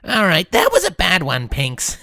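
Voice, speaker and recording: A woman's voice: fairly low pitch, huge pitch swings, measured pace, sharp tone, dry recording, exaggerated voice. A woman voicing a blunt, impatient tomboyish female pony. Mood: grumbling.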